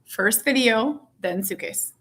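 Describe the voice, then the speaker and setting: Forties mom, fairly high-pitched, casual home-vlog delivery, teasing and sing-song. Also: female voice, expressive, takes it slowly, background noise. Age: 40s. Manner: playful, teasing, sing-song with her child. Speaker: mother vlogging.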